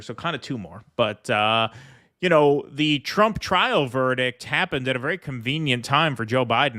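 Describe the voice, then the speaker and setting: A man co-hosting a political stream, talking in a casual, emphatic and animated way and often agreeing with his partner. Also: mid-range voice, dry recording, clean studio sound. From United States.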